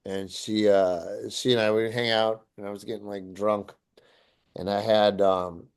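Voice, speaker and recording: Animated storytelling man. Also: a little slow, smooth. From Cleveland area. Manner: animated, acts out quotes in a loud high voice. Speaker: podcast co-host. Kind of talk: casual storytelling chat.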